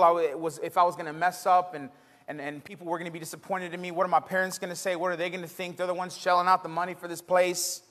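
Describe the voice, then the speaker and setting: Young man from Texas, pastor; high voice, sermon with emphatic swells and quiet story passages, reverberant church hall. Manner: swings between loud emphatic preaching and quiet conversational storytelling. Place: church sanctuary.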